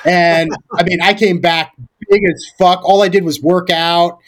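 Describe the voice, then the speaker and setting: A man's voice: high-pitched, little pitch movement, unhurried. A man, a former Marine, talking as a podcast guest in a loose, rambling way, full of fillers, restarts and casual swearing. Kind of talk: casual storytelling conversation.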